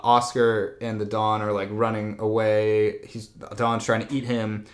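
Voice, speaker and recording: A man's voice: lowish voice, flat delivery, a little slow. Rambling casual guy retelling a film. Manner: rambling, heavy use of "like" and "blah, blah". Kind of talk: casual chat retelling a movie plot.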